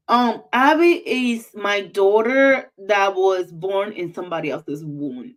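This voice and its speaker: A woman's voice: mid-range voice, very animated, slow, fairly bright tone, poor audio. A woman hosting a casual livestream, effusive and emotional, repeating her greetings. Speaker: livestream host.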